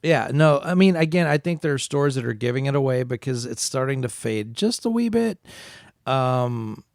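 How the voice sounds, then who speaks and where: Gravelly man in casual podcast chat. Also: mid-range voice, lively intonation, normal speed, darkish tone, dry recording, clean studio sound. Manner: opinionated, rambling, self-described facts guy. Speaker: podcast co-host.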